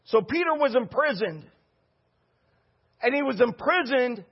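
A high-pitched, husky middle-aged man preaching a sermon. He drives his points with call-and-response and rising shouts. The recording is dull and lo-fi. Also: animated, unhurried, long pauses. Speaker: pastor.

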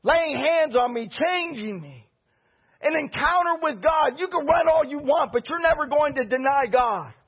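A man preaching a sermon as pastor, impassioned, swinging between loud declarations and hushed asides. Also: very high-pitched, lively intonation, normal speed, dull audio.

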